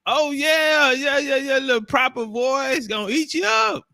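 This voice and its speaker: A man's voice: very high voice, animated, a little slow, gravelly, pushed and bright, no room sound, studio quality. A man in casual, profane commentary, talking loosely with street slang and frequent laughs into his own microphone.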